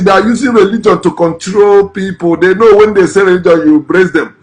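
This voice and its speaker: A man's voice: high-pitched, a little fast. A man, a vlogger giving ranting, scornful political commentary in a blunt way. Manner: blunt, scornful, repeats curses.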